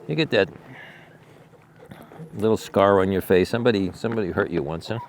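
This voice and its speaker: A man who rescues animals, hosting a casual vlog outdoors at his sanctuary, talking to the camera and cooing soft, repetitive praise to his dogs. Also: low voice, brisk, a little hiss or hum. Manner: coos softly to dogs, repeating praise, dropping to near-murmurs; rambling, repeats himself when talking to the audience. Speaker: animal rescuer and show host.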